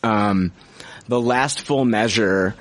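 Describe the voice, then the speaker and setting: A podcast host with a lowish voice chats casually and slowly about a movie, with no room sound. He rambles and restarts, swears freely, and laughs at himself.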